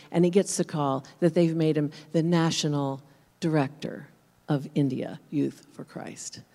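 Chatty woman in an echoey church. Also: fairly low pitch. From United States. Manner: chatty, rambling, warm storytelling. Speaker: church speaker introducing a guest. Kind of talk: informal talk to a church youth audience. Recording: echoey room with long reverb.

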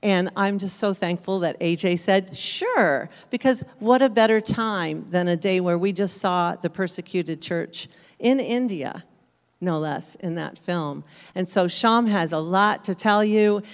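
A woman's voice: fairly low pitch, measured pace. A woman introducing a guest speaker to a church youth group, telling a story in a chatty, rambling way. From United States. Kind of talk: informal talk to a church youth audience. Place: echoey church room. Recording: echoey room with long reverb.

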